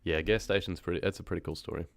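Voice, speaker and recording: A deep-voiced man chats casually with his live-stream viewers. He rambles in a relaxed way and laughs easily. His voice sounds dry and close, with no room echo. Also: very fast, vocal fry. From New Zealand. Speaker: horror story narrator and streamer.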